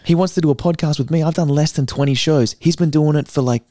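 A man's voice: fairly high pitch, fast talker, warm tone, no echo. Eager young man, close and dry. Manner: enthusiastic, earnest, restarts often. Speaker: guest comedian. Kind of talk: casual podcast chat.

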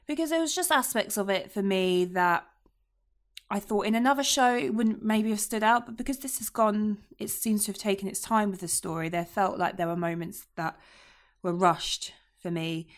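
A woman co-hosting a casual review podcast, talking thoughtfully and hesitantly with many pauses. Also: mid-range voice. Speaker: podcast co-host.

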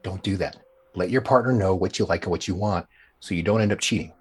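Husky low-voiced male podcast guest. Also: fast, darkish tone. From United States. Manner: laid-back, frank, laughs easily. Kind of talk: casual chat.

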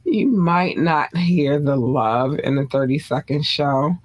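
Effusive show host, rambling shout-out delivery, middle pitch. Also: slow pace, muffled recording. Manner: effusive, rambling, lists countries with fillers. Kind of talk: casual on-air shout-outs.

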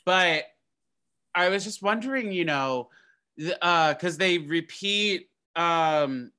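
A young man, a podcast guest, chatting casually in an animated, rambling way with many restarts. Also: sits high, slow pace, smooth. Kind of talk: casual chat.

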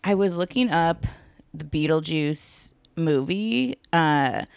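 A woman's voice: low-pitched, animated, slow pace, gravelly, darkish tone, clear, resonant tone, no room sound, studio quality. A young woman co-hosting a podcast in casual chat, rambling and upbeat with many fillers. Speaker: podcast co-host.

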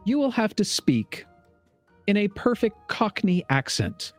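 A man's voice: high voice, very animated, unhurried. Male DM, playful teasing narrator, very swooping melodic delivery, music under it. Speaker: dungeon master. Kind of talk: narrating a tabletop game with banter.

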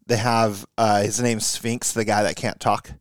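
A man's voice: on the low side, flat delivery, a little slow, no room sound. Wry man in casual podcast chat. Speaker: podcast co-host. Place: garage.

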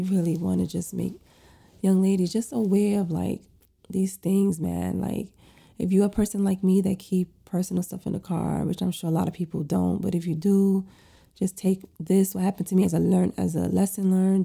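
A woman's voice: on the low side, little pitch movement, normal speed, vocal fry, dark tone, husky. A young woman telling a stressful story in a casual vlog, venting with lots of fillers. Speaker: lash and facial technician.

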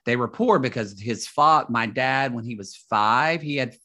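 A man in the middle pitch range tells a long family story as a podcast guest. He rambles and restarts his sentences as he goes, in a relaxed, casual way. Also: unhurried.

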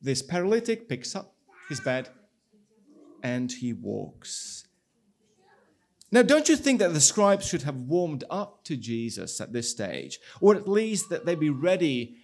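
Lively-voiced man preaching a sermon. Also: medium pitch. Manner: animated storytelling with acted-out dialogue. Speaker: pastor.

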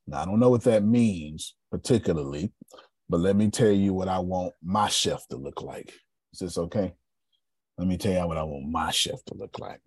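A man coaches a group in a casual, joking way and keeps asking whether they are with him. His low voice is a bit husky, and the sound is dry and close. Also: no room sound. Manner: animated, joking, asks the room for agreement. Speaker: sales coach. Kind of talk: casual seminar talk to a group.

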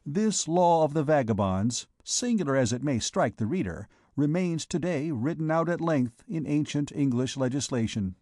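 A man narrating a classic novel as an audiobook reader, in a measured, formal storytelling manner. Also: fairly high pitch, lively intonation, warm tone, no echo, studio quality.

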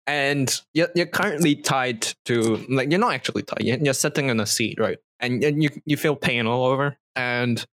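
A man's voice: medium pitch, moderate pace, a bit bright, dry recording. A man narrating as game master of a tabletop game, rambling and laughing often. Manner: rambling, many fillers and restarts, laughs often.

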